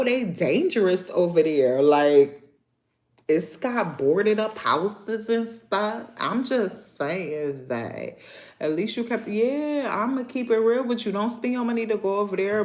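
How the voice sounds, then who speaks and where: A woman from Niagara Falls with a New York accent, hosting a casual livestream chat and talking to viewers in loud, playful street slang, swearing freely. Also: mid-range voice. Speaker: livestream host.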